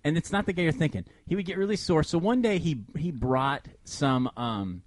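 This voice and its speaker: A man co-hosting a casual show, telling an animated story and acting out quotes with frequent laughter. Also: a little high, normal speed, dry recording. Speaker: podcast co-host.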